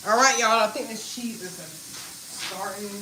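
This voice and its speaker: A woman's voice: medium pitch, unhurried. A woman hosts a casual live cooking stream from her home kitchen, chatting straight to her viewers. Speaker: livestream host. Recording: echoey kitchen with faint noise.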